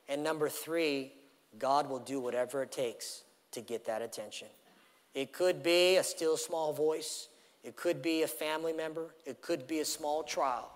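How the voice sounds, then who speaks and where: A pastor delivering a sermon, telling a story and swinging from loud emphatic phrases to hushed lines. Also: male voice, mid-range voice. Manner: dynamic preaching, storytelling with acted quotes, swings from loud to hushed. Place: church sanctuary. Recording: long hall reverb.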